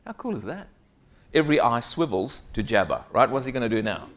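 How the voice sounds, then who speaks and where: A man's voice: mid-range voice, a little fast. A middle-aged man giving a conference keynote as an executive coach. He tells stories and keeps checking in with the audience. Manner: lively storytelling, frequent "right?" asides to the audience.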